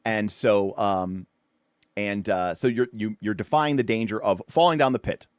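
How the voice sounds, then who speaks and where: A man's voice: lowish voice, normal speed, clear, resonant tone, dry recording, studio quality. A man hosting a tabletop game livestream, explaining rules in a loose, rambling way with lots of fillers and restarts. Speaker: tabletop RPG show host.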